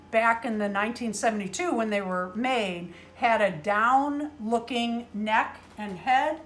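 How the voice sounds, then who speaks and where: A woman's voice: a little high, a bit bright, slight background noise. A middle-aged woman opening handmade doll gifts on a casual vlog, gushing and exclaiming often, sometimes flustered and choked up.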